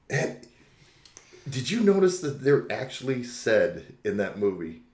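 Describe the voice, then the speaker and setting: A man's voice: mid-range voice, sing-song, slow, a little mellow. A man co-hosting a podcast in casual chat, joking, laughing often and putting on mock outrage. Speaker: podcast co-host. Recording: roomy echo.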